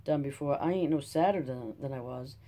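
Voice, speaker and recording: Audiobook: reader as plain-spoken farm son, mellow. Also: mid-range voice, brisk, natural voice. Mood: musing. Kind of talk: audiobook character reading.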